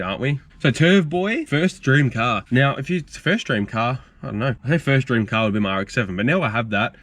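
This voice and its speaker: A young Australian who hosts a car channel tells stories in a casual Q&A vlog, rambling frankly and using filler words. His voice is mid-range and a bit bright.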